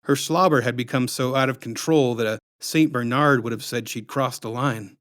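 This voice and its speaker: A man's voice: medium pitch, normal speed, a bit bright, no room sound. Man narrating a storybook, dry and close. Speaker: author reading his own book.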